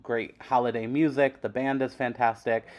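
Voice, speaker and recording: A man's voice: mid-range voice, little pitch movement, moderate pace, a little mellow. A man hosting a vlog, narrating in an enthusiastic, chatty way. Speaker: vlog host. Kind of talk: casual vlog voice-over.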